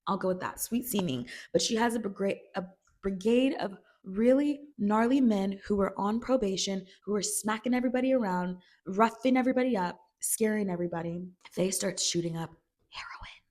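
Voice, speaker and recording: A woman's voice: mid-range voice, a little fast, a little mellow. Chatty woman giving a casual recap. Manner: chatty, filler "like", acts out characters' quotes. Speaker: video creator recapping a TV series.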